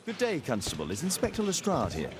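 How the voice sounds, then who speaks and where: An actor with a posh English accent playing a cool, arrogant gentleman detective in a video game, clipped and aloof. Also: fairly high pitch, huge pitch swings, quick pace, noisy background.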